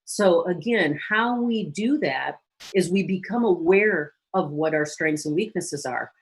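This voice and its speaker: A woman counselor giving a lively teaching talk to a church audience, briefly acting out quoted phrases. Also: on the low side, unhurried, husky. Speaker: guest speaker and counselor.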